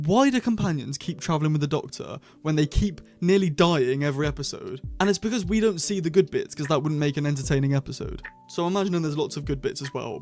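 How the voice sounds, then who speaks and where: Man, slightly high voice, casual review vlog, chatty and rambling, faint music behind. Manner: chatty, rambling, frequent self-corrections. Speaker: channel host reviewing episodes.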